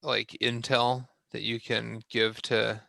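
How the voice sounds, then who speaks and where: A man playing in a tabletop game, talking in a halting, filler-heavy way as he plans. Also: medium pitch, flat delivery, creaky, bright, forceful tone, no room sound. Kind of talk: casual table-talk role-play.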